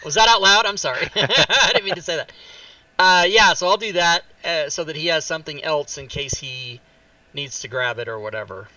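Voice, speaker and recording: A man's voice: fairly high pitch, normal speed, pushed and bright, dry recording. Jokey man on a dull, distant mic. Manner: jokey, laughs often. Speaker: player. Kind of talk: casual tabletop game talk.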